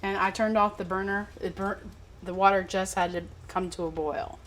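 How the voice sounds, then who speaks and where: A middle-aged woman hosts a home cooking show. She explains each step plainly and in a friendly way, with a voice of ordinary pitch for a woman. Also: level tone, normal speed, a bit bright, slight background noise. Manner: friendly instructional, talks with mouth full. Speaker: cooking channel host.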